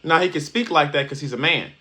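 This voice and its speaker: A man's voice: a little high, fast, noisy background. A man hosting a reaction video, talking casually in street slang with emphatic stops and restarts.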